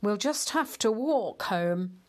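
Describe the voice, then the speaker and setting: A woman's voice: mid-range voice, animated, takes it slowly, a little mellow. A woman voicing a stern, bossy older wife in a storybook reading, with a firm, scolding manner. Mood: brisk.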